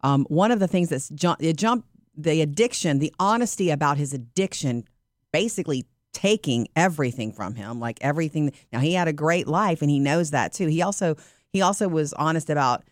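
Male podcast co-host, lively chatty delivery, slightly higher voice, dry close mic. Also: a little fast, dry recording. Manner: chatty, animated retelling. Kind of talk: casual chat.

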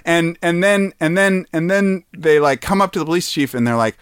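A man on a podcast chatting casually, retelling a movie plot in a halting, rambling way with lots of fillers. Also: a little high, lively intonation, clear, resonant tone, no echo, studio quality. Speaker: podcast host.

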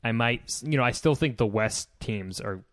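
A man's voice: medium pitch, expressive, moderate pace, a bit bright, no echo. Easygoing young man with a dry, close sound. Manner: easygoing, rambling, with fillers. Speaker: podcast co-host. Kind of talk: casual chat.

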